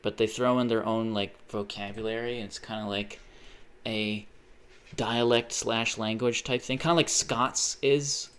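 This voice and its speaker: A man's voice: on the low side, a little slow. Rambling young guy streaming. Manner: rambling, swears often, sudden excited outbursts. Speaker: live streamer. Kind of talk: casual livestream chat.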